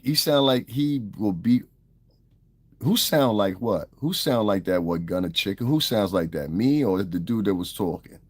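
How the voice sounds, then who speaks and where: A man's voice: lowish voice, expressive, moderate pace. Profane, confrontational male livestreamer. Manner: profane and confrontational, heated tirade at viewers. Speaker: livestream host. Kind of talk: live-stream commentary, talking to chat.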